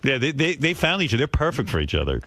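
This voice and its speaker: A man's voice: mid-range voice, wildly swooping pitch, rapid-fire, bright, forceful tone, dry recording. A male radio host talking casually and teasing his callers. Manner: teasing, dry. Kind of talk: radio talk.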